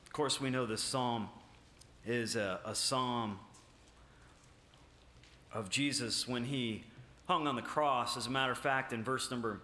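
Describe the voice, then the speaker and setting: A man preaching a sermon, halting with many filler sounds and restarts, then rising with emphasis on key points. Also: medium pitch, bright, forceful tone, slight background noise. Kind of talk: sermon with scripture reading. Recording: echoey room.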